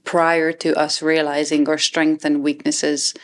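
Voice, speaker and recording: A young adult woman co-hosting a podcast, reflective and halting, restarting sentences often as she explains her feelings. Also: deep voice, flat delivery. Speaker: podcast co-host. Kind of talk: casual chat.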